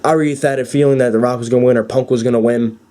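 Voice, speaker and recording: Mellow-voiced young man rambling excitedly. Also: mid-range voice, very fast. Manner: excited, rambling, many fillers and restarts. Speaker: wrestling fan vlogger. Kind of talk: casual rambling recap.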